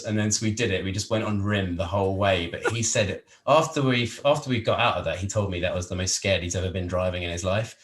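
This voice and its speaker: An English man, a podcast guest, telling a long travel anecdote in a casual, animated, rambling way with frequent laughs. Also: deep voice, fairly quick. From England.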